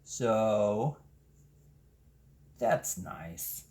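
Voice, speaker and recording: A man chatting casually while he paints, gushing with excited exclamations and making self-deprecating asides. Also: fairly low pitch, very slow. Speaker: paint-pouring channel host.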